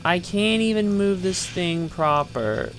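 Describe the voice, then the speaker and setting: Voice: medium pitch, big pitch swings, takes it slowly, slight background noise. Swearing, frustrated game streamer. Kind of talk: casual gameplay commentary.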